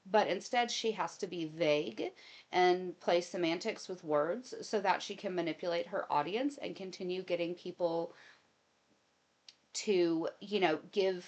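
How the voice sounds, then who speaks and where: A woman hosting casual commentary, giving opinions and telling long personal anecdotes. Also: lowish voice. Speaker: commentary host.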